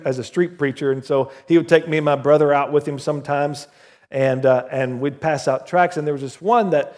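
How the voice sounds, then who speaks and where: Speaking in a voice on the high side with a darkish tone, this southern Oklahoma pastor opens in prayer before a sermon full of stories and sung hymn lines for the congregation gathered in church. The audio carries long hall reverb.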